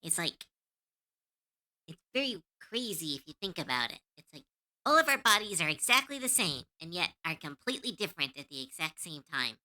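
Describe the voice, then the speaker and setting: A woman's voice: on the low side, sing-song, fairly quick, bright, forceful tone. A woman streamer chatting casually to her viewers, rambling and giggling between thoughts.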